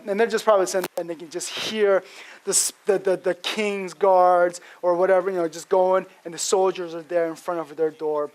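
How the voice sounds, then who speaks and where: A man preaching a sermon, telling the story in a casual, animated way with lots of fillers. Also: sits high, fairly quick. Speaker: pastor.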